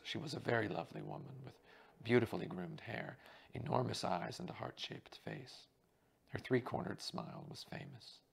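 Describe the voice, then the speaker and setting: Gravelly man reading a mystery novel. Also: mid-range voice. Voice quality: gravelly, husky. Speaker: audiobook reader.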